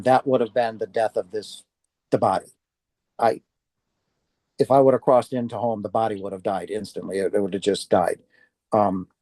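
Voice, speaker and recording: A man's voice: medium pitch, warm tone, dry recording. A man giving an earnest personal testimony to an audience about his near-death experience, acting out his own past reactions as he tells it.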